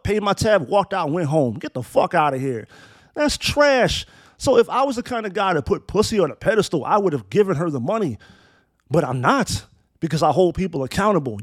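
A man in his thirties talks straight into the mic, blunt and profane, his fairly high voice swinging up and down as he drives each point home. The sound is dry and close, with no room around him. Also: no echo. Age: 30s. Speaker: commentator. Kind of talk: opinionated monologue with storytelling.

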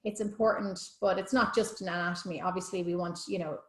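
A woman's voice: lowish voice, fairly even intonation, fast talker. A woman, a yoga teacher chatting enthusiastically in an interview, often restarting her sentences. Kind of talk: casual interview chat. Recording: roomy echo.

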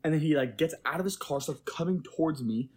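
A man's voice: a little high, brisk, darkish tone, slightly rough. A young man co-hosting a casual podcast, telling a long rambling story and checking in with "right?" as he goes. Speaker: podcast co-host. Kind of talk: casual chat.

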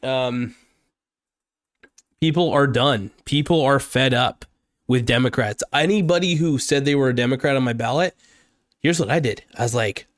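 A political vlogger delivers an unscripted, heated rant straight into a close mic, angry, rambling and swearing a lot. His mid-pitched voice is completely dry, with no room echo.

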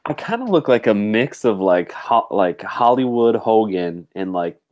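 A man's voice: fairly low pitch, lively intonation, measured pace, a little mellow. A man hosting a casual podcast over a video call, easygoing and curious, often calling his co-host "dude".

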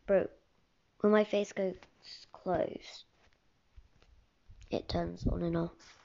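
Rambling whispery girl with gravelly fry. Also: fairly low pitch, fairly even intonation, extremely slow, mellow. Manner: rambling, often drops to a whisper. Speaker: podcast host. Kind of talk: casual solo podcast. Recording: dull lo-fi recording with faint hiss.

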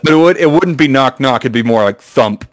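A man co-hosting a podcast, trading jokes in a dry, offhand deadpan. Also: medium pitch, fairly quick. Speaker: podcast co-host. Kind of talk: casual joke-telling chat.

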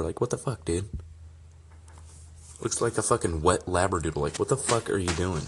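A man's voice: low voice, fast, husky. A man in his twenties hosting a casual podcast, ranting loosely with heavy swearing while sipping beer. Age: 20s. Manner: profane, loose, drinking beer while talking. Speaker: podcast host. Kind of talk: casual comedic rant.

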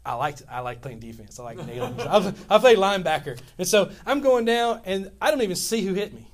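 Animated high-voiced male pastor preaching. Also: a little fast. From Louisiana, US. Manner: animated storytelling, rambling restarts. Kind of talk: sermon.

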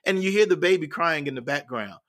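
Male educator guest, earnest storyteller, mid-pitched, repeats himself as he builds. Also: lively intonation, brisk, a bit bright. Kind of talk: storytelling in a podcast interview.

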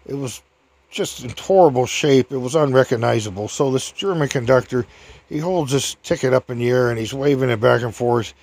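An older man casually telling a rambling personal story, chuckling often and raising his voice high to act out other people's lines. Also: fairly quick, darkish tone.

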